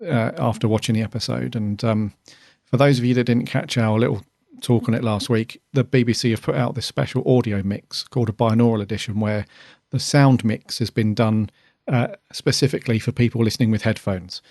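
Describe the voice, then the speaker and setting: A man's voice: medium pitch, steady tone, brisk, creaky, few pauses, a little mellow, no room sound, clean studio sound. A man co-hosting a podcast, chatting casually and rambling with lots of ums while reviewing an episode. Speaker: podcast co-host.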